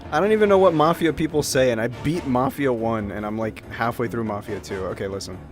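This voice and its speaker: A man's voice: medium pitch, brisk, faint music behind. A man streaming and chatting casually, giggling and mocking himself as he goes. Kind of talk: casual gaming stream chat.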